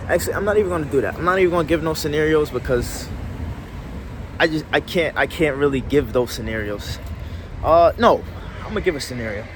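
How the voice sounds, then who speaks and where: A man's voice: a little high, lively intonation, a little fast, background noise. A man telling a casual story to camera, slangy and rambling, often restarting his sentences. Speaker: vlogger.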